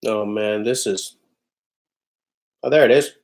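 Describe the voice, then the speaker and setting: This man's voice is fairly low and darkish, and he takes a slow pace. Streaming live from his home, he casually reads viewer comments aloud, keeping things offhand and laughing often.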